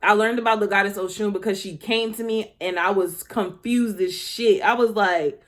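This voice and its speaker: A former schoolteacher, now a spiritual teacher, gives her viewers a casual talk in a steady, mid-range voice at a normal pace. She's candid, swears and laughs a lot, and calls her audience "y'all."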